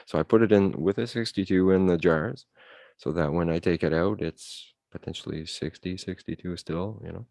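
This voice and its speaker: Man, slight French Canadian accent, deep voice, dry sound, rambling casual chat, video call. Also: normal speed, creaky, a little mellow, no room sound. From Ottawa, Canada. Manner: rambling, repeats words, laid-back. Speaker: guest grower on a live stream.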